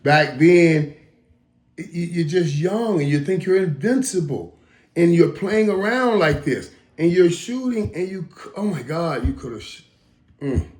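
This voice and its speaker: A man in his fifties hosting a casual reaction monologue, talking emphatically with stammered restarts and dropping into low mutters. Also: lively intonation, unhurried, darkish tone. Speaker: host. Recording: roomy echo.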